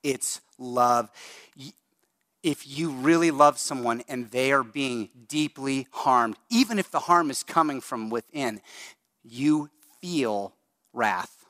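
A middle-aged male pastor preaching a sermon in a conversational, animated way, speeding up and slowing down for emphasis. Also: mid-range voice, dry recording, clean studio sound. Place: church sanctuary.

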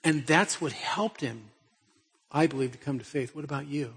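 A middle-aged male pastor with a fairly high, husky voice delivers a sermon in a loose, storytelling manner, pressing his listeners with direct questions. His voice carries a long reverb from a large hall. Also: moderate pace, fairly bright tone. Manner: conversational storytelling with pointed rhetorical questions.

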